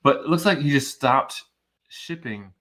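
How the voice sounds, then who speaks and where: A man co-hosting a whiskey livestream, rambling and cracking deadpan jokes in casual banter. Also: mid-range voice, unhurried. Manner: joking, rambling, deadpan asides.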